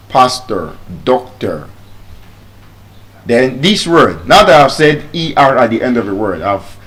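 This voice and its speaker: A middle-aged man with a Nigerian accent teaching English pronunciation, repeating each word slowly to demonstrate the sounds. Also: medium pitch. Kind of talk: spoken English lesson.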